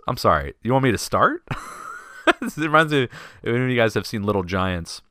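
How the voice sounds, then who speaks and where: Bright-voiced man telling a story. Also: fairly low pitch, brisk, clean tone, no echo, clean studio sound. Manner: animated and self-deprecating, laughs at himself. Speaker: podcast host. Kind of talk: casual storytelling.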